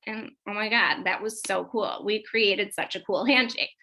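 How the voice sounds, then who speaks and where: A woman psychologist giving a casual, animated workshop talk to parents, often checking in with her listeners. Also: medium pitch, unhurried, hardly any pauses, rough recording. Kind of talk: informal workshop presentation.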